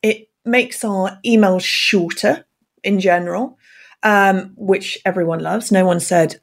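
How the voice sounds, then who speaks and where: A woman who works as an email communication expert, speaking as a podcast guest with energy, expressive and full of ums. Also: mid-range voice, a little slow, vocal fry. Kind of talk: casual podcast interview.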